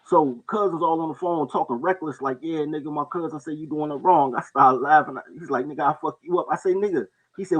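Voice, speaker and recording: A man casually telling stories on a talk show, animated and quick to act out the people in them. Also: dull audio. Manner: animated storyteller, jumps into high-pitched voices for others. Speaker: podcast co-host telling stories. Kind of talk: casual storytelling chat.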